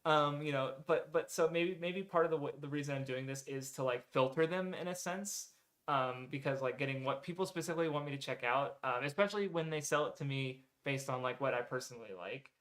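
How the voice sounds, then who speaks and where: Speaking a little fast in a mid-range, slightly bright voice, this man chats casually with his viewers while going through their recommendations. He rambles, fills his speech with "um" and "like," fixes his wording mid-sentence, and swears occasionally.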